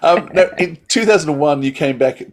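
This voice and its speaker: A man's voice: on the high side, a little fast. A man hosting a podcast, asking rambling, complimentary questions of his guest. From Australia. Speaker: podcast host. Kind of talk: podcast interview.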